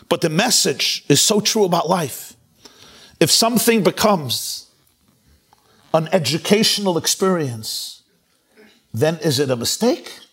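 A middle-aged man, a rabbi, giving a sermon full of stories and acting out the quotes with big swings in his voice. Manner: expressive storyteller, acts out quotes with big pitch swings. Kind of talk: sermon with storytelling.

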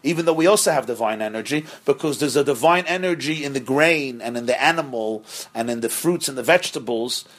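A man's voice: medium pitch, fairly quick. A middle-aged man, a rabbi, giving a Torah lecture to a live group, speaking emphatically, repeating key words and acting out quoted voices. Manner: acts out quoted voices while teaching. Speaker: rabbi teaching a class.

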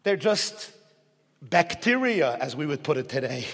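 A bright, high-voiced man preaching in a synagogue. He tells jokes and stories and swings from quiet asides to loud emphatic peaks. His husky voice rings out through a long hall reverb. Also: sing-song, a little slow. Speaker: rabbi. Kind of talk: sermon with jokes. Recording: echoey hall recording.

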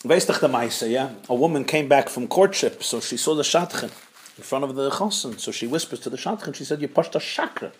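A man giving an animated Hasidic Torah class, mixing with Hebrew and Yiddish terms. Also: medium pitch, a little fast.

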